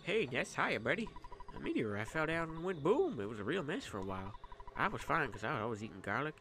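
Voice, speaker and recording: A man voicing a loud, cheerful townsman who brags in a game. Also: medium pitch, sing-song, fast, a little hiss or hum, pitched above the performer's own voice. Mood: boastful cheer. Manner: boastful, chatty.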